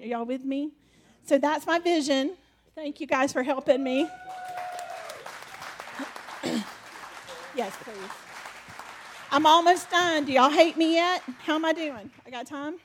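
A woman's voice: sits high, a bit bright. A woman preaching a conversational sermon, a mother who shares a vision and keeps up laughing asides with her audience. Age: adult mother.

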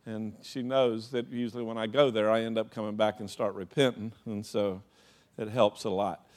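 Speaking at a moderate pace in a fairly low, even, slightly mellow voice, a pastor delivers a chatty sermon. He draws on his own life, acting out anecdotes, peppering them with "you know" and laughing as he goes.

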